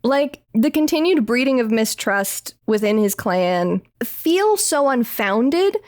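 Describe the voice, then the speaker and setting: Casual podcast co-host: woman, slightly high voice, thoughtful and analytical, quick bursts of speech. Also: lively intonation, darkish tone. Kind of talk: casual chat.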